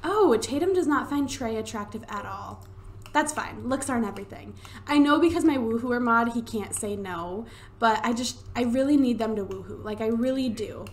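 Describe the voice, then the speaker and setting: A young woman with a slightly high voice chats her way through a life-sim game, excitable and quick to swear. She talks into a desktop microphone at home, with faint keyboard tapping behind her. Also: a little hiss or hum. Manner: chatty, excitable, swears casually. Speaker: let's play gamer. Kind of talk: casual gameplay commentary. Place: home room. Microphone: desktop USB microphone.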